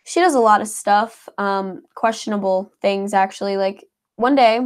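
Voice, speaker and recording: A woman's voice: medium pitch, normal speed. A woman, chatting casually as a co-host and reading out viewer comments, her talk full of "like" and "um". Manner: chatty, heavy on filler words like "like" and "um". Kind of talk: casual live chat.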